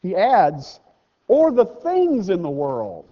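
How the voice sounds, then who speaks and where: A man preaching a sermon in a church, talking to the congregation in an easy way. He slows down to read scripture and makes joking, self-deprecating asides. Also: sits high, huge pitch swings. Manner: conversational preaching, slows down and rises for scripture readings. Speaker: pastor. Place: church sanctuary. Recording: dull sound with long hall reverb.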